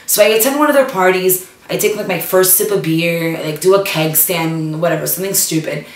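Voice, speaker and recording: A woman's voice: on the low side, brisk. Young woman, casual storyteller, lots of "like", echoey room, off-mic. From Miami area. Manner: chatty, lots of "like", switches into Spanish for quotes. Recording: roomy sound, distant from the mic.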